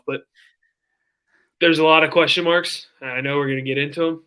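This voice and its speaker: A man co-hosting a casual sports talk show, laid-back and quick to laugh. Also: mid-range voice, flat delivery, sharp tone, clear, resonant tone. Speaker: podcast co-host.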